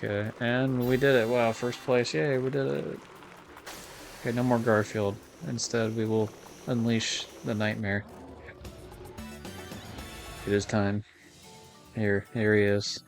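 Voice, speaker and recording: A man's voice: fairly low pitch, level tone, measured pace, pauses often, soft background music. A young man streaming a kart racing game, chatting casually in a rambling way, full of fillers and swearing. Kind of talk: casual gameplay commentary.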